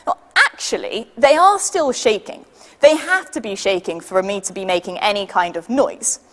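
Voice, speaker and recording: A woman with a British accent leading a children's science demonstration, patient and lively, counting down for the audience to join in. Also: mid-range voice, moderate pace, in a large hall. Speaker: science workshop leader.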